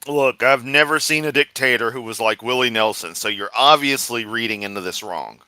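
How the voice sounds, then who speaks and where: A man streaming sarcastic comedic commentary while reacting to a video, mocking in a deadpan way. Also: mid-range voice, normal speed, no echo.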